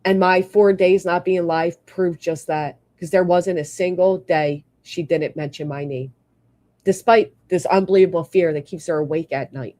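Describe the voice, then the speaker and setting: A woman's voice: lowish voice, steady tone, normal speed, dark tone. Brief: fired-up, foul-mouthed woman live streamer, blunt rants mixed with thank-yous to members. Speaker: livestreamer. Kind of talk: live stream rant and member shout-outs.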